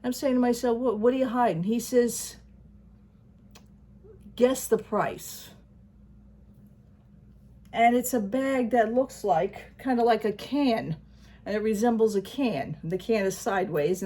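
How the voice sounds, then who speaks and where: In a mellow, medium-pitched voice at a moderate pace, a vlogger talks casually to camera. She spins a long story, acting out the dialogue on both sides, and laughs a lot.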